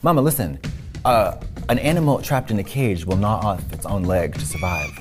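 A man's voice: on the low side, expressive, moderate pace, over music. A man co-hosting a casual comedy podcast, campy and theatrical in his delivery. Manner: campy, theatrical, sudden vocal swoops. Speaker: co-host.

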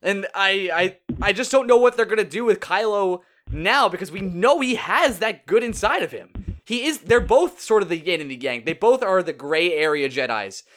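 A man co-hosting a casual podcast chat, excitable and animated as he tells stories. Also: sits high, normal speed. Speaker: podcast co-host.

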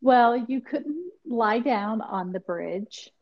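A woman's voice: on the high side, animated, slow pace. A woman co-hosting a casual chat, chiming in with short remarks. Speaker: podcast co-host. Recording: dull lo-fi audio.

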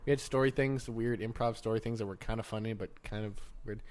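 A man's voice: fairly low pitch, fairly even intonation, quick pace, a little mellow. A young man co-hosting a casual podcast, rambling and teasing his friend in a joking way. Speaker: podcast co-host. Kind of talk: casual chat. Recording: faint background noise.

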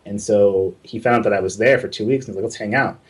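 Husky-voiced man telling a story. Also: fairly low pitch, fast. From Southern California. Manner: relaxed, swears freely, acts out voices in anecdotes. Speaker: guest game artist. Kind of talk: casual storytelling.

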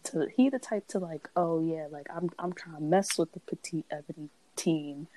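Animated young woman telling stories. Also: low-pitched, moderate pace, very noisy. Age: 20s. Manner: animated, swearing, acts out quotes. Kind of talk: casual storytelling chat.

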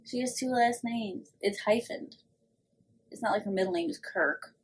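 A woman co-hosting a casual podcast, reacting with quick exclamations and short remarks. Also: on the high side, slightly rough. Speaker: podcast co-host. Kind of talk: casual chat.

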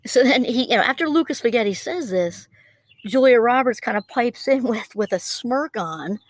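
A woman in her fifties with a fairly high voice talks in a loose, reflective monologue. She circles her points with plenty of "you know" and restarts. The sound is dry and close, with no room around it. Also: lively intonation, normal speed, dry recording. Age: 50s.

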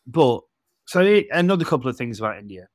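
A man's voice: medium pitch, very animated, fast talker, no echo. An English man in his forties tells travel stories on a podcast, laughing as he acts out what people said to him. His voice sits in a middle register and is recorded dry and close. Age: 40s. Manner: chatty storyteller, laughs and acts out dialogue. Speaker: podcast co-host. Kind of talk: casual podcast chat.

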